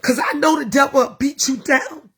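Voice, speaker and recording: A woman's voice: high-pitched, normal speed, a bit bright. A woman minister talking casually to her followers, passionate and preachy, emotional at times. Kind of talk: casual livestream talk.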